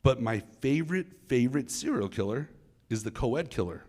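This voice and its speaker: A man's voice: medium pitch, animated, moderate pace, darkish tone, lightly acted. A man voicing a young male suspect who pleads for help and then talks eagerly, in an unsettling way.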